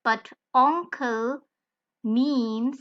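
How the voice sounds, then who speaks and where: Slow, careful woman tutor, lo-fi. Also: fairly high pitch, fairly even intonation. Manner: careful, deliberate, spells out letters one by one. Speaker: language tutor. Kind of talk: slow scripted tutorial narration.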